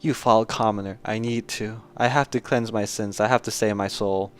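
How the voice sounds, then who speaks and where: A man voicing a mad, guilt-ridden old nobleman, in a hushed, desperate and scornful manner, for a story game. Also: fairly low pitch, fairly even intonation, normal speed, close to an everyday voice. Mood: hushed menace.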